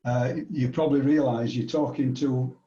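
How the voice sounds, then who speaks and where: A Yorkshire man speaks in a dry, self-mocking way with a mellow tone. The sound is dull and echoey, picked up from a distance with faint noise. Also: mid-range voice, steady tone, moderate pace. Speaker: club member.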